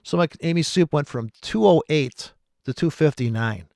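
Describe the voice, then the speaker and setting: Gravelly guy ranting and cussing on a trading stream, dry close sound. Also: fairly high pitch, animated, moderate pace, dry recording. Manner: angry, profane, rambling rant with sudden loud outbursts. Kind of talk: profane ranting monologue.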